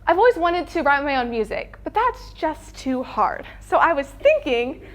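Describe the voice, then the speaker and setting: A woman's voice: sits high, big pitch swings, moderate pace. A teenage girl performing a stand-up routine, acting out family members in different voices. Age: teens. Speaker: student comedian.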